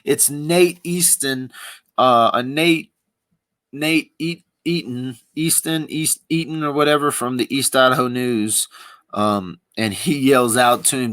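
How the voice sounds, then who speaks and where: A man's voice: mid-range voice, slow pace, fairly bright tone. Male livestream host, rambling and wry, close dry sound with no room echo. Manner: rambling, wry, thinking aloud. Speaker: livestream commentator. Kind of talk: casual live commentary.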